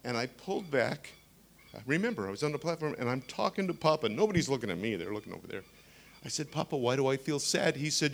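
A man in his sixties preaching a sermon, telling stories with humorous asides and animated emphasis. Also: mid-range voice, fast, gravelly.

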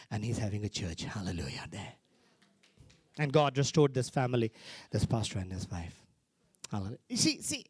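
Animated male preacher with lively pitch. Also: no echo, clean studio sound. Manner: animated, repeats phrases, exclaims hallelujah. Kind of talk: sermon.

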